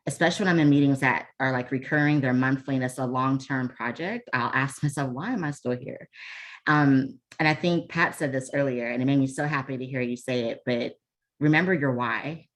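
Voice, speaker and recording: A woman with a strikingly low voice presents a leadership webinar over a video call. Her delivery is casual and chatty, full of ums and restarts, with self-deprecating asides. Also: fairly quick. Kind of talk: casual online workshop talk.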